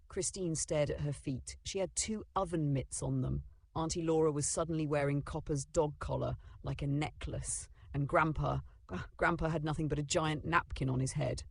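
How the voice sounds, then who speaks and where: Gravelly, husky children's story narrator. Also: mid-range voice, normal speed, no echo. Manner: lively, dramatic storytelling.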